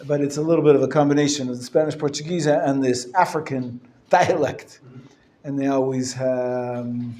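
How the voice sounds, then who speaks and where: A male rabbi teaching a live class, explaining patiently and sounding words out slowly, often clearing his throat and chuckling. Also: mid-range voice, fairly even intonation, dark tone. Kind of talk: live classroom lesson on Hebrew reading. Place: lecture room. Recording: roomy echo from a live class.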